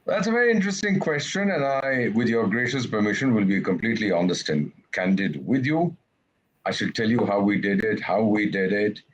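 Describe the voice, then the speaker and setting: Animated, blunt older male diplomat. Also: sits low, slightly rough, low-quality recording. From India. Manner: blunt, wry, animated storytelling with mock quotes. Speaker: retired ambassador. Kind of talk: candid interview answers.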